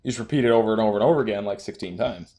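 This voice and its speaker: A man's voice: lowish voice, racing, mellow. A young man chatting casually about trading, easygoing, laughing often and trailing off into loose phrases. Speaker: trader. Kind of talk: casual chat.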